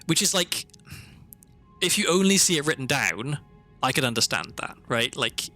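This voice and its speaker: A man's voice: medium pitch, lively intonation, moderate pace, bright, forceful tone. A man from Wales, chatting casually as he streams a game and thinks aloud, with lots of fillers and restarts. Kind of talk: casual live gameplay commentary. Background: faint background music.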